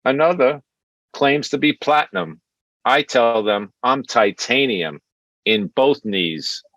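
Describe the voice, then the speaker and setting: A man in his sixties with a thick Brooklyn accent works through a stand-up set of one-liners, chuckling at his own punchlines. His delivery is slow and his pitch swings widely. The sound is close and dry, from a computer mic on a video call. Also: lively intonation, fairly bright tone, no room sound, muffled recording. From New York. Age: 60s. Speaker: stand-up comic. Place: home, over video call.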